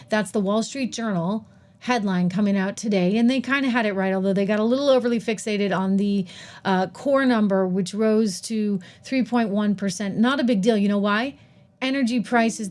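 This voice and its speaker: A middle-aged woman hosts a live-streamed commentary show in a voice of ordinary middle pitch. She talks emphatically and with animation, firing off rhetorical questions. She throws in quick, self-mocking asides along the way. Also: a little mellow. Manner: laughs at herself while typing on air. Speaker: host of a live political and investing show.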